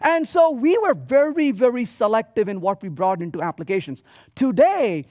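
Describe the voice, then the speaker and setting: A man giving a software conference talk, telling stories with quoted dialogue in an animated way. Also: very high voice, normal speed, no echo, clean studio sound. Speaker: conference speaker. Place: conference hall stage.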